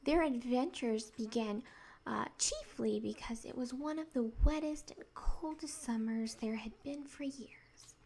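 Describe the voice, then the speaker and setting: A woman narrating a children's novel in a soft, partly whispered storybook reading. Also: a little high, a little slow, a little hiss or hum.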